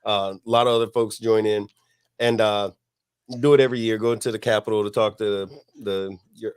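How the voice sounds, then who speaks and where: A middle-aged man, hosting a podcast and telling a long, profane story in a relaxed way, laughing as he goes. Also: lowish voice. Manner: laid-back, profane, laughs at his own story. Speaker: podcast host. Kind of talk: casual storytelling.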